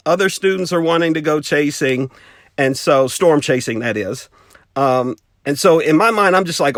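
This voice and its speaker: A man hosting a children's lesson, telling a story in an animated way and checking in with "okay?". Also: a little high, moderate pace, no room sound, clean studio sound. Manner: animated, talks straight to children with frequent "okay?". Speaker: children's ministry host.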